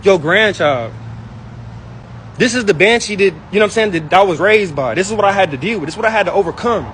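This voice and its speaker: A young man with a high voice rattles through an angry, wounded rant, piling up slang and going back over the same points. He talks fast and is recorded outdoors, with faint street traffic behind him. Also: expressive, a bit bright, low-quality recording. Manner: angry, hurt, repetitive, slangy. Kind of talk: heated personal rant.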